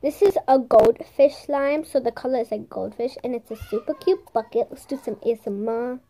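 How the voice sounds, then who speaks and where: A young woman with a high, bright-sounding voice chats through a casual show-and-tell of toys. She is bubbly and playful, slips into soft whispers for ASMR moments, and makes silly sound effects. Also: normal speed, slight background noise. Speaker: vlogger showing squishies and slime.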